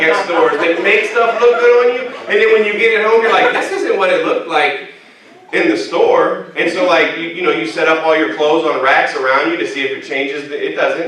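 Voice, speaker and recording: A male pastor preaching with a high, bright, forceful voice and plenty of humor. He jokes with the crowd as he tells his stories. The sound is heavily echoey, picked up from far off in a church hall. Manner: animated, humorous storytelling with congregation banter. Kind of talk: sermon. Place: church sanctuary.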